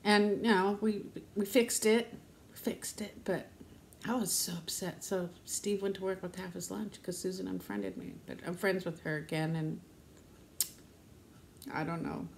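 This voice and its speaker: A woman's voice: fairly even intonation, unhurried, vocal fry, slight background noise. A woman in her fifties chatting casually to camera in a rambling, talkative way, laughing often. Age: 50s. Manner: rambling, chatty, laughs often, uses high baby-talk to her dog. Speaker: vlogger.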